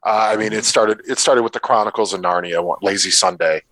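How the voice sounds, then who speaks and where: A man's voice: fairly low pitch, brisk, a bit bright, no room sound, low-quality recording. A man in his thirties co-hosting a film podcast, giving blunt opinions and calling his friend dude. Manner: blunt, says dude, swears. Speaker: podcast co-host. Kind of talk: casual film review chat.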